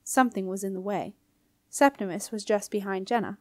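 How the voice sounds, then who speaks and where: Female audiobook reader, expressive storytelling, mid pitch, very dry sound. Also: a little fast, no echo. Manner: clear, expressive reading. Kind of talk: storybook narration.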